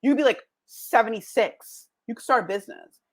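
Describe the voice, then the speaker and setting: A woman's voice: on the high side, fairly quick. Upbeat woman giving a motivational talk. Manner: animated, jokey, acts out quoted voices. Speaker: podcast host.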